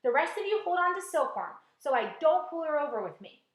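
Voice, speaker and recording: A woman's voice: high voice, very animated, a little fast, echoey room, voice pushed up. A woman voicing a brave young boy giving urgent, raised commands.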